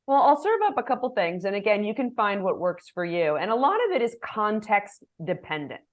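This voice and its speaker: A middle-aged woman executive coach answering interview questions in a lively way, acting out example phrases. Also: medium pitch, brisk. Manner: animated, gives examples with acted phrases.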